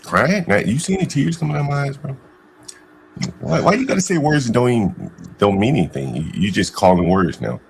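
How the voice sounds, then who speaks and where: A man's voice: medium pitch, very animated, a little fast, vocal fry, a little hiss or hum. A man in a heated online voice-chat argument, hurling insults and often repeating himself and restarting his sentences. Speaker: panel guest in an online voice-chat debate.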